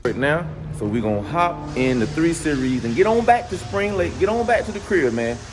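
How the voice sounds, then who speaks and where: A man vlogging casually to his viewers at a car service shop, drawling and tacking "man" onto nearly every phrase, dropping to low mutters and rising to excited high exclaims. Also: fairly quick, noisy background. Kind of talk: casual vlog talk to viewers. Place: car dealership service area, then in a car.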